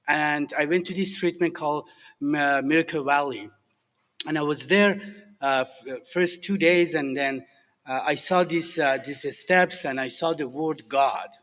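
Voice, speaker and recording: A middle-aged Iranian man with a Persian accent shares his recovery story with a group as an alumni speaker, halting and earnest, with many fillers and restarts. His voice is a little high and fairly bright, and the hall around him is echoey with long reverb.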